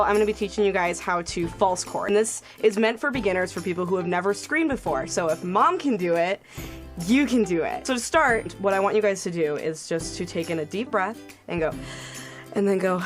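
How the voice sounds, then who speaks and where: A woman's voice: medium pitch, expressive, a little fast, faint music behind. A young woman coaching a screaming vocal tutorial, upbeat and encouraging, demonstrating with sighs and growls.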